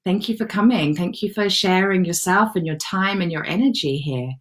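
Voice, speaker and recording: A woman with a low-pitched voice hosts a live online self-love session. She talks in a relaxed, chatty way, greeting viewers and answering their comments with encouragement. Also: moderate pace. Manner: warm, encouraging, reads viewer comments aloud. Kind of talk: casual live-stream chat.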